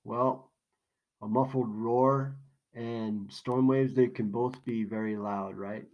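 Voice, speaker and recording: A man walks through a poem in a recorded lesson. He talks casually, poses questions and then answers them himself, at a middle pitch. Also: fairly even intonation, slow pace, dull audio. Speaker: teacher. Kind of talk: recorded classroom lesson walkthrough.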